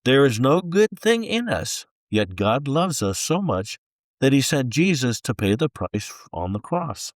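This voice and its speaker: A man reading a chapter of a faith-based book aloud in an expressive, unhurried storytelling manner. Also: mid-range voice, no room sound, clean studio sound. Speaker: book reader.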